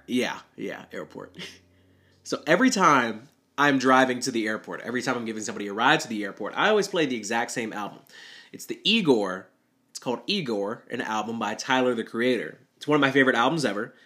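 Bright-voiced young man telling a story. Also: medium pitch, animated, quick pace. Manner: rambling, self-deprecating, nervous laughs. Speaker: rideshare driver. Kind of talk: storytelling monologue.

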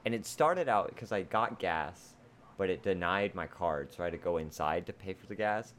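A young man co-hosting a laid-back podcast. He talks in a low voice that bounces around a lot. He laughs easily and breaks into silly impressions, with a faint hiss of ambience under him. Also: expressive, moderate pace, fairly bright tone. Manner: playful, laughs often, drops into goofy impression voices. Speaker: podcast co-host. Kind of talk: casual chat.

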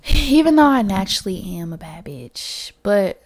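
A young woman hosting a casual solo podcast, chatty and candid, full of slang, dropping to whispered asides and then rising to loud bursts. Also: mid-range voice, big pitch swings, normal speed. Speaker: podcast host.

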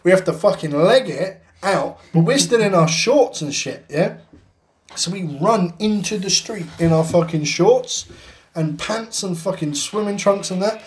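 Bloke, bit high pitched, rambling podcast story full of swearing and laughs. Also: male voice, lively intonation, a little slow. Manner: heavy swearing, rambling anecdote, laughing through it. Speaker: podcast co-host. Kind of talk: casual storytelling chat.

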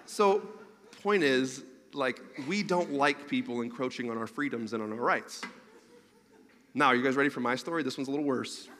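A man's voice: medium pitch, normal speed, slight background noise. A man telling a rambling, funny personal story in a sermon, laughing along as he goes. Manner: animated, rambling, laughs through his own story. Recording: long reverb of a large hall.

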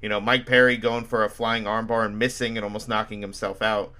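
A man's voice: on the low side, flat delivery, fairly quick, pushed and bright. A man hosting a casual podcast, telling anecdotes with animation and acting out what people said. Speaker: podcast host.

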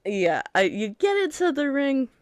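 A playful woman co-hosts a podcast, improvising with giggles and rambling asides. Her voice is smooth and clear. It is recorded dry, close to a studio mic. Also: high-pitched, big pitch swings, moderate pace, no room sound. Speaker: podcast co-host. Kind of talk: casual improv chat.

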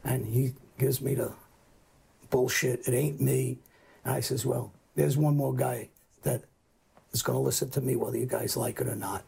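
Speaking at a moderate pace in a medium-pitched, steady voice that is creaky, warm and husky, a middle-aged guest recounts a crime story. He is blunt and profane, and he performs the lines he quotes in this casual storytelling.

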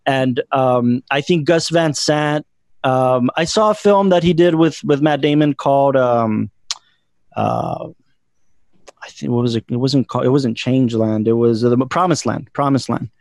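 A man's voice: mid-range voice, moderate pace, darkish tone, no room sound. A man hosting a casual film podcast, eagerly retelling his favorite scenes. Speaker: podcast host. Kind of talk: casual film review chat.

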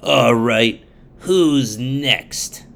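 A man voicing a gruff, unjust male judge of old who is loud, brusque and dismissive. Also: mid-range voice, drawn-out words, heavily acted.

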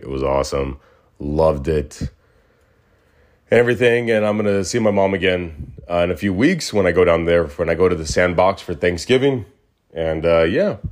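A man's voice: deep voice, darkish tone. A man hosting his own podcast in a casual solo chat, rambling and repeating himself, with an upbeat sign-off. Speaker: podcast host.

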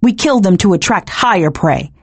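A woman narrator voicing a cold, zealous male cult leader who speaks in a measured, slightly clipped way, with a husky, animated delivery. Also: medium pitch, dry recording.

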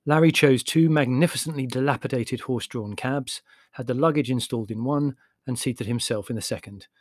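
A man narrating a humorous memoir as an audiobook, in a measured, wry storytelling manner. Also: medium pitch, no echo, clean studio sound. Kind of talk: scripted narration.

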